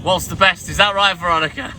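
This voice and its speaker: A man's voice: sits high, moderate pace, bright, forceful tone. Chatty man streaming from a van. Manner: chatty, bantering, casually swearing. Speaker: milkman streamer. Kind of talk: casual live stream chat. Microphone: phone live stream. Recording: music playing clearly behind.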